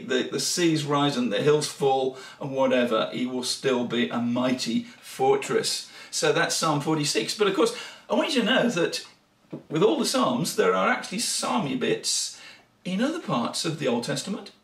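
A man's voice: a little high, gravelly, fairly bright tone. A man giving an earnest, explanatory teaching talk on worship music. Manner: earnest, explanatory, breaks into sung examples. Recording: echoey room from a distant mic, faint guitar.

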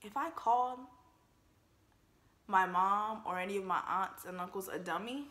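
A young woman giving casual, joking movie commentary in an emphatic, animated way. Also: medium pitch, normal speed, roomy sound. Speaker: vlogger reacting to a film.

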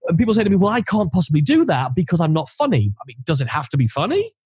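Lively, slightly husky male host. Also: fairly high pitch, racing, dry recording. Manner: chatty, playful questioner. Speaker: podcast host. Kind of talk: casual interview chat.

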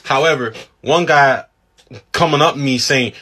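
An American man from the United States doing a profane, incredulous comic rant, often breaking into laughter, with a husky voice. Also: mid-range voice, normal speed, sharp tone. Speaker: comedian ranting to camera.

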